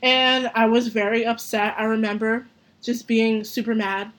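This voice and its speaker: Animated, profane young woman storyteller. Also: on the high side, measured pace. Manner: animated, profane, laughs often. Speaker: podcast host. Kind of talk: casual storytelling.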